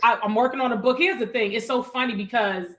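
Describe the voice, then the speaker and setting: A woman comedian hosting a casual chat, an animated storyteller who slips into impressions of her friends. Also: a little high, fast. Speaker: comedian and host.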